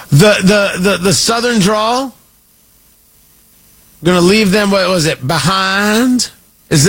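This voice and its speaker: Male talk-radio host, bright and lively, slightly husky, mocking and opinionated. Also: high-pitched. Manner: sarcastic and mocking, with frequent restarts. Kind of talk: opinionated talk show monologue.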